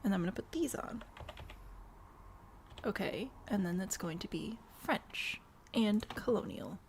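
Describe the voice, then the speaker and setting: A woman's voice: medium pitch, animated, measured pace, vocal fry, a little mellow, slight background noise. A woman streamer chatting casually while she builds in a game, wry and self-deprecating, answering chat and hiccuping now and then. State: has the hiccups.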